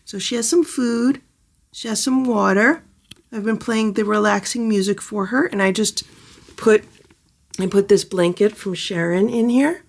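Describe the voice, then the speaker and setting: A woman filming a casual vlog about a rescued kitten, talking softly and soothingly as she narrates, indoors beside a cage. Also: measured pace, vocal fry. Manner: soothing, coaxing, switches to high sing-song baby talk for the kitten. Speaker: cat rescuer vlogger.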